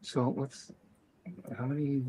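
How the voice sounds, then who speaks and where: A man's voice: medium pitch, little pitch movement, takes it slowly, mellow, slightly rough, low-quality recording. A man who is a fellow artist, teasing his friend with dry humor in casual chat on a stream.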